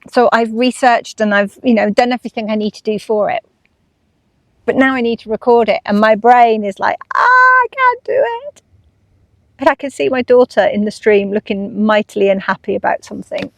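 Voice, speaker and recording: A woman's voice: on the high side, creaky, a little mellow, dry recording. Chatty woman vlogger with dry close sound. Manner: chatty, acts out her own inner voices. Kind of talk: casual chat.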